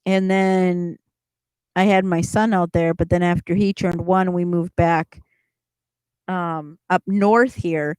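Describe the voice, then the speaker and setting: A middle-aged woman hosts a casual livestream chat, rambling as she answers viewers and laughing often. Her voice is on the low side, a little mellow and smooth, with no room sound.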